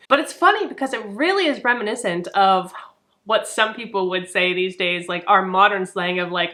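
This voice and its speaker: Young adult woman, bright voice, chatty, animated, casual book vlog, lots of fillers. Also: medium pitch, normal speed. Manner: chatty, animated, frequent "like" and "really". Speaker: book reviewer.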